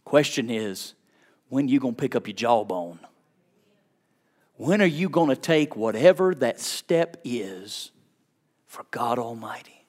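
A middle-aged man, a pastor preaching a sermon with personal stories, fervent and swinging from hushed tones to shouts. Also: mid-range voice, lively intonation, a little slow. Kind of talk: sermon with storytelling.

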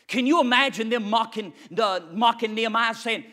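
A man preaching a sermon with rhythmic repetition and loud, fiery peaks. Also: high-pitched, a little fast, hardly any pauses.

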